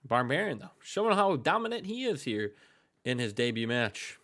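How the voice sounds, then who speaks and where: With a mid-range, slightly bright voice, a man delivers very animated, moderately paced gaming commentary. He casually runs through wrestling game results for his co-host, joking around, swearing freely and hyping things up.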